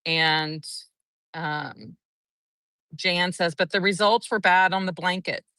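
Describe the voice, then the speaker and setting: A woman's voice: lowish voice, steady tone, slow pace, pushed and bright, dry recording, recorded from a distance. Chatty woman recapping a trial. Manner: chatty, breathless recounting with acted-out quotes. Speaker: courtroom trial reporter. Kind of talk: casual live recap of a trial.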